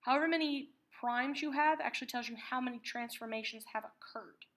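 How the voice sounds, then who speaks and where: A woman teaching a math lesson, patiently explaining terms and repeating key words slowly. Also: fairly high pitch, fairly bright tone.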